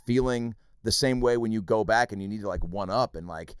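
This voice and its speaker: Lower-pitched man gabbing fast on his podcast, swearing a lot, voice bouncing all over, dry close sound. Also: clear, resonant tone, no room sound. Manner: animated, profane, rapid storytelling. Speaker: podcast host, comedian. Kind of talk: casual chat, storytelling.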